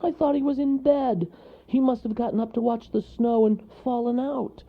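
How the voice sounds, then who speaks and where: A man voicing a frantic mother squirrel in a storybook, shrill and pleading. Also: steady tone, moderate pace, gravelly. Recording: lo-fi recording.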